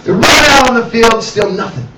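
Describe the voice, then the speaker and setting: High-voiced man doing live stand-up. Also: moderate pace. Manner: animated, acts out voices, addresses the audience. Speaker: stand-up comedian. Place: cafe comedy night. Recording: roomy, distant mic, loud background noise.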